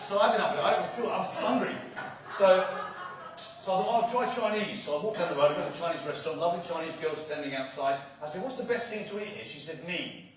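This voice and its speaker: A man's voice: a little high, quick pace, slight background noise. A man doing stand-up comedy with songs, chatty and joking, laughing at his own jokes. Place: club stage. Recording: echoey live room from far off, music behind. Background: live music.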